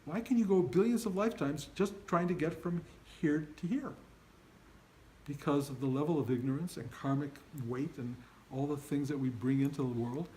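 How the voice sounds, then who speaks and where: Here the same kind of older spiritual teacher talks informally to students, emphatic and earnest, often performing their inner voices. His fairly high, mellow voice moves at normal speed over a rough recording with a little hiss or hum.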